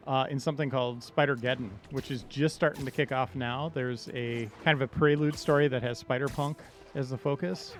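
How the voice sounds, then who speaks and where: A man's voice: medium pitch, a little fast, hardly any pauses, soft background music. A man hosting a live stream, chatting casually over gameplay with frequent fillers. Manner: relaxed, knowledgeable, hesitant fillers. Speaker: stream host.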